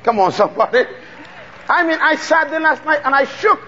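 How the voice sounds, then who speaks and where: A man's voice: extremely high pitch, animated, a little fast, sharp tone, long reverb tail, highs cut off. A Bahamian man preaching a fervent sermon, calling out to the congregation for responses.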